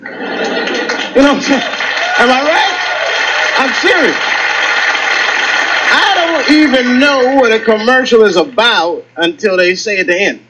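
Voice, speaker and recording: Male stand-up comic, animated storyteller who acts out quotes, live stage set, noisy old clip. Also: very high voice, slow, pauses often. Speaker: stand-up comedian. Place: comedy stage with live audience.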